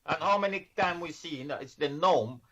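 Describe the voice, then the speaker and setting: Over crowd noise, a briskly speaking man with a slightly high voice appears as a podcast guest who works in financial services. He gives earnest explanations in casual interview chat, repeatedly restarting his sentences, and the recording is dull and lo-fi.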